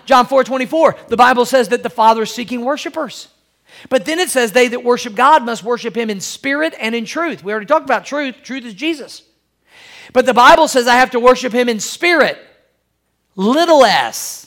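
A man's voice: extremely high pitch, vocal fry, a bit bright. A male pastor preaching a sermon, talking straight to his congregation, repeating phrases for emphasis and calling for amens. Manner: addresses congregation directly, calls for amens.

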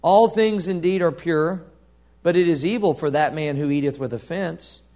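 A man preaching a sermon, reading scripture aloud and asking the congregation questions, swinging from soft to loud. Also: a little high, moderate pace. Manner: reads scripture aloud, asks the congregation call-and-response questions.

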